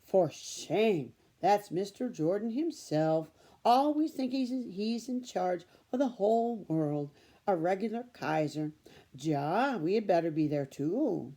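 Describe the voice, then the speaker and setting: A woman's voice: medium pitch, animated, slow pace, dark tone. Woman doing a hearty German farm wife. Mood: indignant. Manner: homey broken English with "ja".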